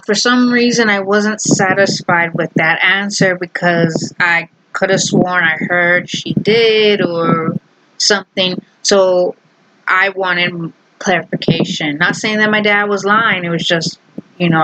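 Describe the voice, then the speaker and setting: A woman's voice: lowish voice, noisy background. A young adult woman vlogger telling a family story in a casual, rambling, amused way.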